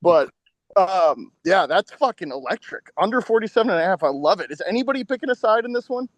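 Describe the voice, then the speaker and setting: A man hosting a sports betting podcast, quick, joking and profane. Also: high-pitched, lively intonation, dry recording. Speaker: podcast host. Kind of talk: casual sports betting chat.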